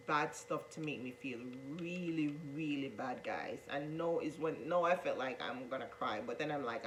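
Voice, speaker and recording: A woman recounts her story straight to the camera in an earnest, repetitive way, often turning to her viewers as guys. Her voice sits on the low side. A faint hum runs under the recording. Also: low-quality recording. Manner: earnest, repeats herself, addresses viewers as guys. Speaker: vlogger telling her coming-out story.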